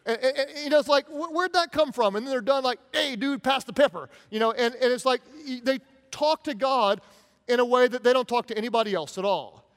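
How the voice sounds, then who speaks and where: Animated male pastor preaching in a hall. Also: very high voice, brisk. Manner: conversational, animated, acts out quoted prayers. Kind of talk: sermon.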